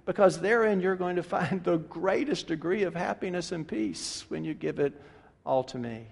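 A man delivering a sermon as a pastor, animated and full of rhetorical questions, swinging from loud to hushed. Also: high voice, moderate pace, vocal fry, slightly rough. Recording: long reverb of a large hall.

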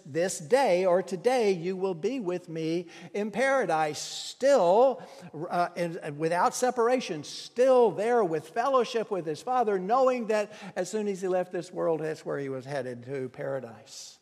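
A man preaching a sermon, swinging from hushed, slow lines to loud, impassioned crying out. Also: high voice. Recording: long reverb of a hall.

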